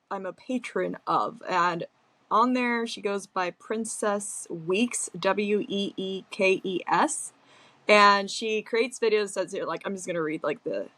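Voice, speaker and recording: A woman's voice: medium pitch, a bit bright, dry recording. Woman podcast guest, easygoing, hesitant with lots of fillers, dry close mic. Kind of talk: casual podcast chat.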